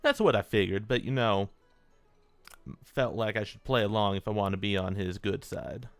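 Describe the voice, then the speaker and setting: A man's voice: lowish voice, normal speed, smooth, dry recording, soft background music. A man playing a tabletop role-playing game, talking in a polite, folksy way in character. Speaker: player.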